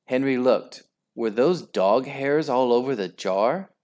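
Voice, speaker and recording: A man reading a children's story aloud, with an expressive, unhurried delivery. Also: medium pitch. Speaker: storybook reader.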